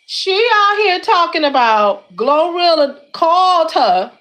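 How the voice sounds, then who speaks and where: Slightly out of breath as she lifts weights, a YouTube commentary host from Detroit takes it slowly, speaking in a high voice loaded with slang. Her casual chat is exclamatory and lively, aimed right at her viewers, and she keeps repeating the same words.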